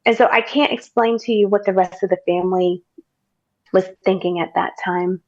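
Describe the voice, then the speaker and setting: An American woman tells a gripping personal story as a testimony, leaning into phrases and repeating them for weight. Her voice sits at an ordinary pitch. The recording is dry and a little dull. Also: steady tone, moderate pace, no echo. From United States. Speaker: podcast guest sharing her testimony.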